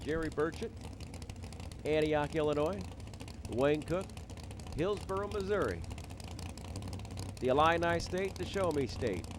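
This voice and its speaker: Guy announcing drag races, kinda high voice, cracking jokes at himself, car noise all over. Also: lively intonation, unhurried, pauses often. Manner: jokey, self-deprecating, rattles off names and times. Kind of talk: live race commentary. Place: drag strip. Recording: loud race cars behind the voice.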